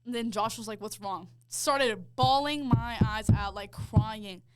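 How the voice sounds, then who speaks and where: A woman's voice: fairly high pitch, unhurried, slight background noise. A young woman sharing a heartfelt personal faith testimony in casual chat, with lots of "like" fillers. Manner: heartfelt storytelling, full of "like" fillers. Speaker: podcast co-host sharing her testimony.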